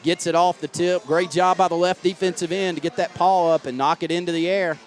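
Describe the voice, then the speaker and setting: Higher-pitched male color commentator. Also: fairly even intonation, brisk. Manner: analytical, conversational breakdown of plays.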